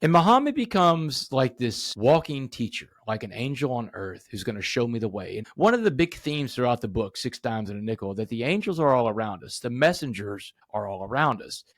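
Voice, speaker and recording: A man's voice: medium pitch, sing-song, fairly quick, hardly any pauses, no room sound, studio quality. Earnest man telling his story. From Southeast Texas. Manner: earnest, vivid storytelling with quoted dialogue. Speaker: podcast guest. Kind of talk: storytelling in a podcast interview.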